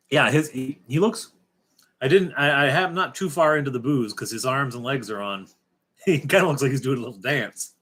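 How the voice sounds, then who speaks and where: A middle-aged man hosting a casual late-night livestream, rambling and halting with many fillers and restarts, dropping wry, joking asides. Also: mid-range voice, a bit bright, breathy edge. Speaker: livestream host.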